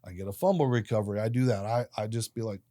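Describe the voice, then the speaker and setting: A man in his late fifties, a podcast guest who tells his life stories in an animated way and acts out the people in them. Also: on the low side, quick pace, no echo, studio quality. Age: 50s. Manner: animated storyteller, voices other people in his anecdotes. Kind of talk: storytelling interview.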